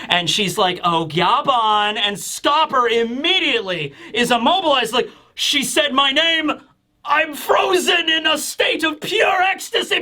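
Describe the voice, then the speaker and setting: A man giving a casual, animated manga chapter review, laughing often and acting out characters. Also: very high voice.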